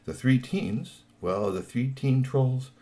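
A man telling a children's story in a playful, animated way, with lots of asides. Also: mid-range voice, slow.

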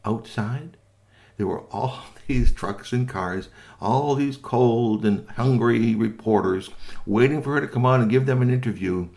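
A man telling a children's story with lively, sing-song narration and playful asides to listeners. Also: mid-range voice, a little slow, vocal fry.

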